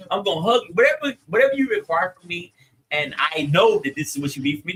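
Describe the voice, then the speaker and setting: Animated Southern-accented man hosting. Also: high-pitched, fast talker, slightly rough, rough recording. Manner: animated, laughing, Southern slang. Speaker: podcast host. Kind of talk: casual chat, reading listener comments.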